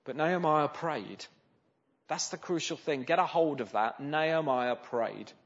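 A male preacher with a voice on the high side speaks at a measured pace, keeping his sermon conversational and often asking rhetorical questions. The sound is slightly dull and lo-fi.

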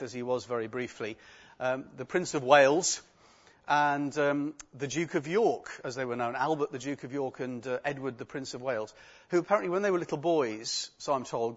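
A man preaching a sermon, reading scripture and telling stories with wry asides in an earnest way. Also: mid-range voice. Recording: dull lo-fi recording.

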